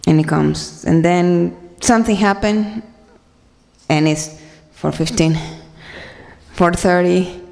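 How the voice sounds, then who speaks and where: Woman, devotional speaker, earnest and halting, raspy fry, reverberant hall. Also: on the low side, darkish tone. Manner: earnest, halting, many fillers and restarts. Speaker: speaker sharing at a devotional gathering. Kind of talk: personal talk to a congregation.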